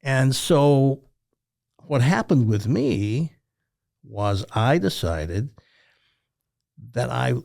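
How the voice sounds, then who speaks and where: A man in his seventies from Tennessee, a retired radio talk host, telling stories in an interview with animated delivery. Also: medium pitch, very slow, gravelly, long pauses. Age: 70s. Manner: animated storyteller, jumps into other voices. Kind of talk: storytelling interview.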